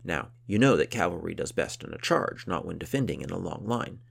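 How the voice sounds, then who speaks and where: A man voicing a boastful, hot-tempered warrior count who talks loudly and grandly. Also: sits low, expressive, fairly quick, vocal fry, slightly rough, heavily acted. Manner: loud, blustering, grandly boastful.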